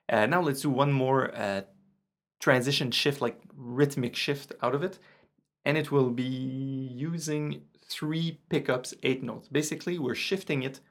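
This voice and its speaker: Gravelly man. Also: mid-range voice. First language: French. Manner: relaxed, counts beats aloud while explaining. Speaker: guitar teacher. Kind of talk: casual online guitar lesson. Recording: guitar playing under the voice. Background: his own guitar.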